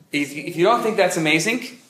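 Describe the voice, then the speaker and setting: A man who is a rabbi, giving a humorous lecture as an animated storyteller with quick joke delivery. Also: high-pitched, noisy background. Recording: echoey room.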